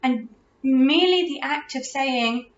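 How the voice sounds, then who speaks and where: Une femme britannique d'âge moyen qui parle de façon décontractée, avec une voix assez aiguë. Elle se reprend souvent en milieu de phrase. L'enregistrement est lointain, réverbéré et un peu étouffé. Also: female voice, high-pitched, a little slow, slight background noise. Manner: chatty, restarts, warm laughs. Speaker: parenting podcast host. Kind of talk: casual advice talk. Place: room at home. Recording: roomy, distant, dull lo-fi audio.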